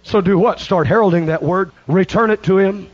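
A man delivers an impassioned sermon in a high voice, rising to shouts and then dropping to low, hushed phrases. The recording is dull and lo-fi. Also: moderate pace. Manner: impassioned preaching with big swings between shouts and hushed lines. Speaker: preacher.

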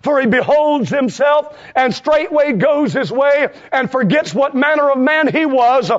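A male preacher delivering a sermon, quoting scripture and swinging between shouted peaks and low, hushed asides. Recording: dull lo-fi sound.

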